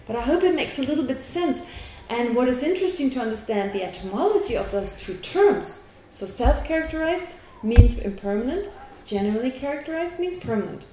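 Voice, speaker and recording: Woman teaching philosophy, mellow and high, patient and chatty, recorded in a roomy class with faint noise. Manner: explanatory, asks the class questions, laughs easily. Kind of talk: classroom lecture. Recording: echoey room with faint background noise.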